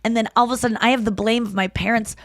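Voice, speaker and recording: A woman in her thirties hosts a casual podcast chat, telling stories with raw feeling. She swears freely and bursts into loud acted quotes. Her voice sounds dry and close to the mic. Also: on the high side, fairly even intonation, rapid-fire, no room sound. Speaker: podcast host.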